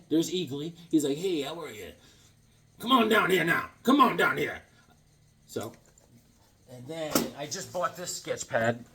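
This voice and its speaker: Husky, rambling comic-collecting man. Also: fairly high pitch. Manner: rambling, enthusiastic, jokey. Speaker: comic book vlogger. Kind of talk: casual comic collection chat.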